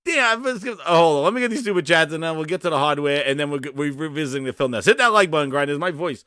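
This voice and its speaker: A male gaming livestream host rants loosely with plenty of swearing and laughter. His voice sits on the high side. He speaks close to a dry, deadened mic. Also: racing, smooth, dry recording. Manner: profane, excitable, laughing a lot. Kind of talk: casual livestream chat.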